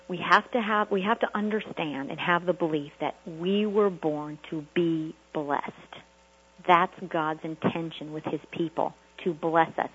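A woman's voice: fairly low pitch, breathy edge, phone-quality sound. A woman preaching a motivational sermon to a group call, emphatic and repetitive, full of rhetorical questions. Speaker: prosperity preacher.

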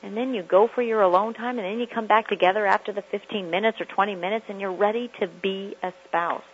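A woman's voice: medium pitch, fairly even intonation, fast talker, breathy edge, muffled recording. A woman hosting a self-help radio talk, speaking emphatically and repeating phrases for effect. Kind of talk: motivational talk.

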